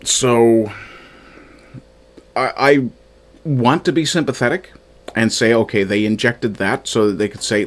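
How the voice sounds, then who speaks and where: A man's voice: mid-range voice, steady tone, unhurried, long pauses. A man casually reviewing a fan film from his notes, thinking aloud with frequent fillers and restarts. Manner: reads from his own notes. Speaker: media reviewer.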